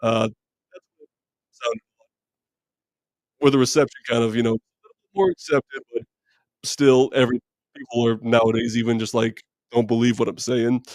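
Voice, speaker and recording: A man with a naturally deep voice chats on a live movie stream, answering viewer comments in a relaxed, meandering way. His pitch sits in the middle range for a man. The sound is dry and close, with no room echo. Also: moderate pace, long pauses. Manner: relaxed, rambling, many fillers and restarts. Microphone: streaming mic.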